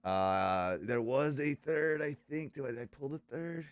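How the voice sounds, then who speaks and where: A man's voice: mid-range voice, animated, no echo. A man in his thirties hosting a podcast in casual chat, talking loosely with many restarts and filler sounds. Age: 30s. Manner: loose, halting, lots of uh and restarts. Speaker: podcast host.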